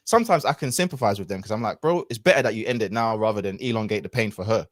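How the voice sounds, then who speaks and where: A man's voice: lowish voice, racing, no room sound, clean studio sound. A man, a podcast guest telling a personal story in a casual, reflective way with lots of fillers and restarts.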